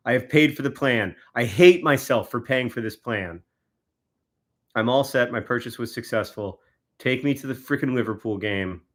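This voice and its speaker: A man's voice: medium pitch, moderate pace. A man, chatting casually on a livestream, giving exasperated, wry running commentary to viewers. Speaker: livestreamer signing autographs.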